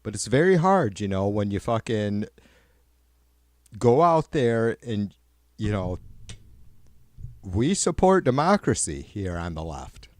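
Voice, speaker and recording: Man ranting profanely, low voice. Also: big pitch swings, takes it slowly, pauses often, dry recording. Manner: sarcastic, swearing, rambling, gets louder when worked up. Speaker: livestream host. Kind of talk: profane political rant.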